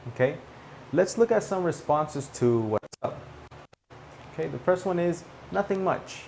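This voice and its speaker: Slow, clear male English teacher. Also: on the high side, expressive, a little mellow, slight background noise. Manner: slow, clear teaching delivery with repeated example phrases and frequent "okay?" checks. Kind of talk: spoken English lesson for learners.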